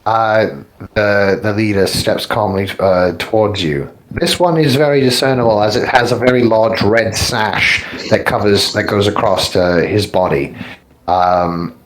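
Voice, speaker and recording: A man's voice: fairly low pitch, a little slow, a little hiss or hum, poor audio. A man narrating as dungeon master, describing scenes in a rambling, self-correcting way. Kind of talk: narrating a tabletop game.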